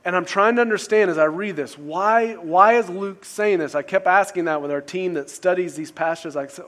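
A man's voice: high voice, normal speed, few pauses, a bit bright. A male pastor preaching a sermon in a casual, conversational way, often restarting phrases and asking rhetorical questions.

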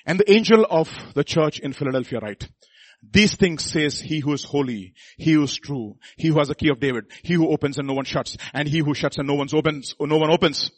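A man preaching a sermon, swinging between quiet asides and loud exhortation and calling the congregation to repeat after him. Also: fairly high pitch, brisk, dry recording. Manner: calls the congregation to repeat lines.

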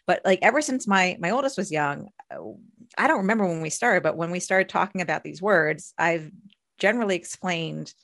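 A woman's voice: lowish voice, fairly quick, creaky, fairly bright tone, no room sound. Chatty woman podcast co-host, dry sound. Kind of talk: casual chat.

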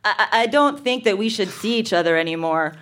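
A woman's voice: mid-range voice, animated, brisk, fairly bright tone, voice pushed down, lightly acted. A woman voicing a hesitant, mumbling teenage boyfriend while reading a diary aloud on a stage. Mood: sullen. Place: live venue stage.

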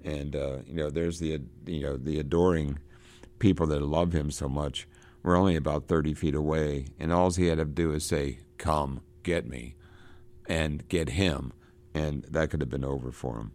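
A man reading passages from a novel aloud and stopping to explain them, halting and restarting as he talks, and lifting his voice when he reads. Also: a bass voice, steady tone, dark tone.

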